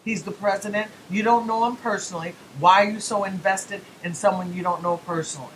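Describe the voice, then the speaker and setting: A woman hosts her own political talk radio show, talking straight to listeners in a mid-pitched voice. She leans on emphasis and rhetorical questions, slipping into folksy asides. A faint rumble sits under the recording. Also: fairly even intonation, a little fast, few pauses, a bit bright, low-quality recording.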